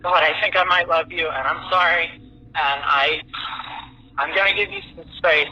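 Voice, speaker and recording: Man doing an obsessive voicemail stalker, high, shrill, swearing, muffled phone playback. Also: big pitch swings, normal speed, sharp tone, husky, heavily acted. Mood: pleading. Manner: rambling, swearing, swings between pleading and unhinged. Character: obsessive lovesick man leaving frantic voicemails. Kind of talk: played voicemail recording.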